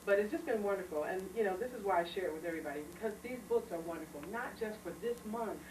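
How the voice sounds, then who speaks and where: A woman's voice: mid-range voice, expressive, very fast, far from the mic. A woman giving an informal talk to a small audience, telling personal stories with a lot of feeling. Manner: chatty, emotional storytelling, laughs often. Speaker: speaker on children's literature. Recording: echoey room recorded from afar, noisy.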